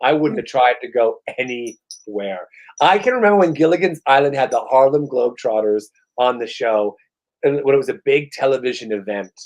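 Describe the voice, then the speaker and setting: A man's voice: mid-range voice, animated, normal speed, darkish tone, poor audio. Ranting middle-aged man co-hosting a podcast. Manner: profane, ranting, exasperated storytelling. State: worn out after a vaccine shot. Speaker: podcast co-host. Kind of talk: casual chat.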